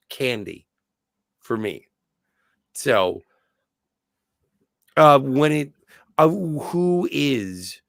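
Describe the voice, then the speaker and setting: A man's voice: mid-range voice, vocal fry, dry recording, clean studio sound. A man co-hosting a podcast, talking in a thoughtful, searching way with fond praise. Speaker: podcast co-host. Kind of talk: casual podcast discussion.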